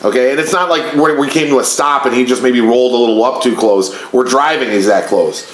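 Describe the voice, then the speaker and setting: A man's voice: medium pitch, brisk. A man co-hosting a casual podcast, swearing a lot and telling stories in a heated way. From Chicago area. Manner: profane, heated storytelling. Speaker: podcast co-host. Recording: echoey room.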